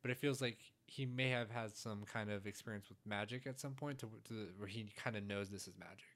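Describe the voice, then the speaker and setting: Male podcast co-host, relaxed musing reflections on a film. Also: lowish voice, a little fast. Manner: thoughtful, rambling with fillers and hedges. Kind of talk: casual movie recap chat.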